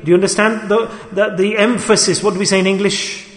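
High-voiced preacher in an echoing hall. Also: male voice, steady tone, brisk. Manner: emphatic, asks the listeners many rhetorical questions. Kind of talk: sermon. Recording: echoey hall with long reverb.

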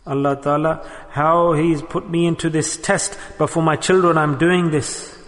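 A man's voice: fairly high pitch, level tone, unhurried, a bit bright. Man preaching in a reverberant hall. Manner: storytelling, quotes Arabic verses. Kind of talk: sermon.

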